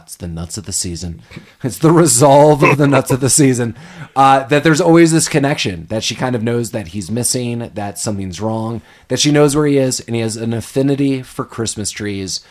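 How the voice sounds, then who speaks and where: A man with a middle-pitched voice chats casually as a podcast host, retelling movie scenes in an animated way. He jumps into brief, quick character voices as he tells the story. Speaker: podcast host recapping a film. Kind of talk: casual chat.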